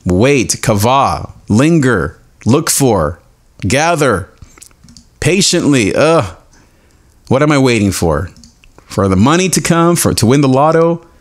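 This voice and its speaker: A man hosting a devotional podcast, animated and self-mocking, who explains Hebrew words slowly and laughs often. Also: medium pitch. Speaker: podcast host.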